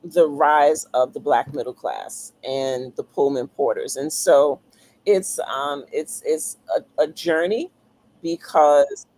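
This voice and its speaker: A woman author being interviewed, talking thoughtfully with frequent pauses, ums and restarts. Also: low voice, darkish tone, poor audio. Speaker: author guest. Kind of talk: casual interview talk.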